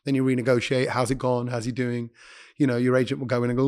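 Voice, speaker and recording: A man, a radio presenter, chatting as a podcast guest and telling stories quickly, often breaking off to correct himself. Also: medium pitch, little pitch movement, darkish tone. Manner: quick, chatty storyteller who interrupts himself. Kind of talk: casual interview chat.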